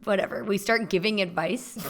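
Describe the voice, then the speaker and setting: A woman's voice: medium pitch, moderate pace, fairly bright tone. Reflective young woman co-host. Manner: reflective, probing questions, many restarts. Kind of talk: candid casual chat.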